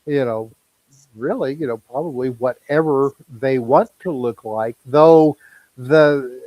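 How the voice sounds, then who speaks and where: A man's voice: medium pitch, slow, dry recording, muffled recording. A man speaking as a guest in a casual chat, explaining things in a conversational way with many fillers.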